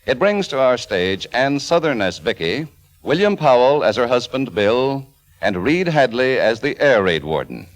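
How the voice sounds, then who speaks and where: A man's voice: medium pitch, big pitch swings, normal speed. A man announcing and narrating a 1940s radio broadcast in a polished, formal manner. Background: orchestral music.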